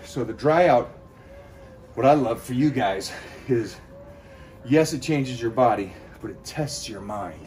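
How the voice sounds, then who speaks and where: A man's voice: medium pitch, animated, unhurried, darkish tone. A man talking to his viewers in a motivational vlog while doing cardio, out of breath and rallying them to push on. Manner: pep-talk, addresses viewers directly. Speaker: fitness vlogger.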